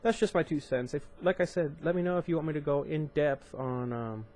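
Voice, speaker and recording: A man's voice: on the high side, brisk, dark tone. A young man reading a novel aloud on his channel, breaking off into casual, chatty asides with fillers and restarts. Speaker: audiobook reader and channel host. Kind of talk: amateur book reading with commentary.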